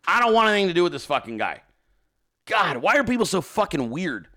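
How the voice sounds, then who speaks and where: Male streamer host, bright animated delivery, profane rants, casual reading of viewer mail. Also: sits high, fairly quick. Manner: profane, ranting; reads viewer emails and chat aloud. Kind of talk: casual livestream chat.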